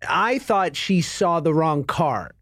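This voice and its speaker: A man's voice: fairly high pitch, lively intonation, slow pace, fairly bright tone, dry recording, studio quality. A man in his thirties co-hosting a casual chat, joking and laughing often. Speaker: podcast co-host.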